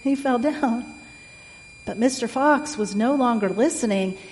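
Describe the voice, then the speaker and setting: A woman reading a picture book aloud in a gentle way, asking the listener questions, recorded in an echoey room with a faint hum. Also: on the high side, unhurried. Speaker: storyteller.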